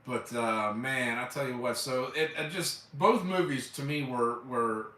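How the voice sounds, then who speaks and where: Male streamer, chatty and rambling, sharp bright tone, roomy sound. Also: medium pitch, unhurried. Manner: rambling, enthusiastic, with loose swearing and fillers like "man". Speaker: live streamer. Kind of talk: casual chat. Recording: echoey room, mic at a distance.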